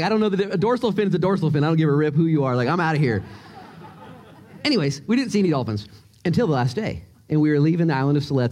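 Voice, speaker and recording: A male pastor preaching a sermon in a church, joking and excitable as he tells stories. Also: fairly high pitch. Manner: animated, joking, excitable storyteller. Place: church sanctuary.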